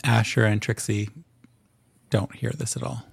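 A man narrating a tabletop game as game master, describing scenes in detail with frequent pauses and ums. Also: fairly low pitch, level tone, vocal fry, breathy edge, no echo.

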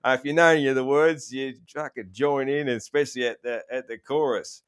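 A man's voice: mid-range voice, a little fast, hardly any pauses, clean tone. Laid-back Australian man hosting a podcast. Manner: relaxed, rambling, many "um"s. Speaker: podcast host. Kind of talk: casual podcast chat.

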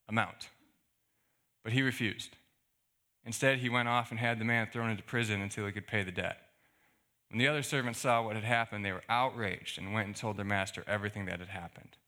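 Man, pastor, bright tone, chatty animated sermon, rhetorical questions. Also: medium pitch. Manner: conversational, animated preaching with fillers and rhetorical questions.

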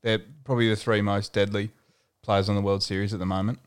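A man co-hosting a sports podcast, giving even, casual analysis. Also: on the low side, fast, clear, resonant tone. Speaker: podcast co-host.

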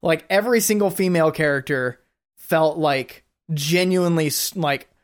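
A man chats on a podcast, circling his thoughts with lots of "like"s and restarts. His voice is fairly high for a man. It comes through smooth and clear. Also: moderate pace. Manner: hesitant, many "like"s and restarts. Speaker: podcast co-host. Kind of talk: casual chat.

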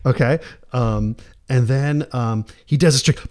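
A man on a casual podcast telling an animated story, acting out the people in it and laughing often. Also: mid-range voice, normal speed, very noisy. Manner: acts out quoted voices, laughs often, restarts. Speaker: podcast co-host.

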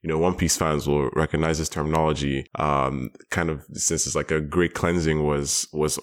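A man co-hosting a casual chat, thoughtful and rambling, with quick bursts of excitement. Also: extremely low pitch. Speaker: podcast co-host.

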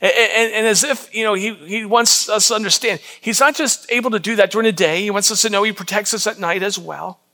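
A man with a high-pitched voice preaches to his congregation in a loose, conversational way. He reads scripture, then talks it through, often repeating and restarting his words. His tone is bright and forward, and he keeps asking the listeners questions. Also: brisk, hardly any pauses. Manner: frequent repetitions and restarts. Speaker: pastor. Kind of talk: sermon.

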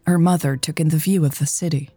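A woman hosting a romance podcast and reading a story in a calm, measured way. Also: deep voice, husky, no room sound. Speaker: podcast host and narrator. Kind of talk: audiobook story narration.

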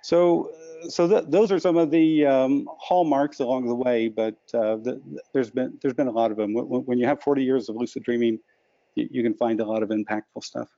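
Man, interview guest, gravelly voice, dry close sound, muffled, stammers and repeats words. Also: medium pitch, steady tone, brisk, dark tone, no echo. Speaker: interview guest, lucid dreaming author. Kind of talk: reflective storytelling.

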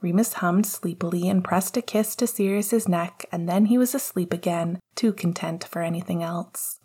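A woman narrating a story in a calm, intimate reading voice. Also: lowish voice, normal speed, slightly rough. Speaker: audiobook narrator. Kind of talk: scripted narration.

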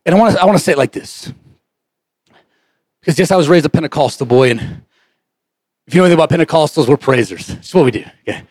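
A man preaching a sermon as pastor, impassioned and often shouting. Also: fairly high pitch, animated, fast, pauses often, no room sound. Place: church sanctuary.

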